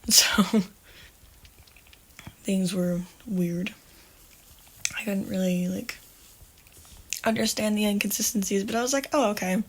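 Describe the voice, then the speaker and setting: Woman podcast host, casual storyteller, profane and rambling, mid-range voice. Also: mid-range voice. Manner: rambling, self-correcting, swears freely.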